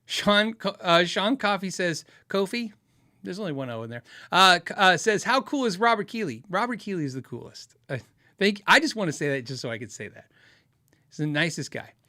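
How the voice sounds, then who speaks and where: A man's voice: high voice, expressive, a little fast, sharp tone. A middle-aged man hosting a live podcast, chatting casually through viewer questions, laughing often and acting out quoted voices as he tells stories. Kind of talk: casual live-stream chat.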